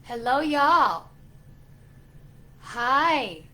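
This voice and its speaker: A woman hosting a casual livestream as a psychic coach, warmly greeting viewers by name with loud excited bursts. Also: sits high, extremely slow, low-quality recording.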